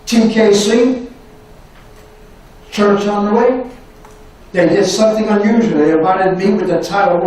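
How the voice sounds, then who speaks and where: An older man giving a university lecture, telling stories in an animated way and repeating his phrases. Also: sits high, measured pace, pauses often, far from the mic. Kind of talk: anecdotal lecture storytelling. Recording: echoey room recorded from afar.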